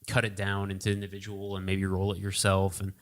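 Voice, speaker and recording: Chatty man in his thirties, lowish voice. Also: monotone, a little fast. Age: 30s. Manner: chatty, teasing. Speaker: podcast host. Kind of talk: casual chat.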